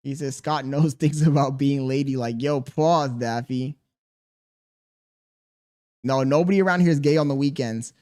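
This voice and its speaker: A young man on a casual livestream, reading comments aloud and reacting with mock exasperation. He talks straight to his chat at a mid pitch and slips into a soft tone to address his baby. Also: fairly even intonation, moderate pace, pauses often. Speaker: streamer.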